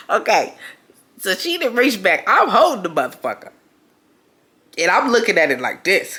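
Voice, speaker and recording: A woman tells a storytime to her vlog audience. Her voice sits a little low but sounds bright and edgy. Her pitch swings wide as she curses and laughs her way through the tale. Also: sing-song, measured pace. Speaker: storytime vlogger. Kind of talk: casual storytelling.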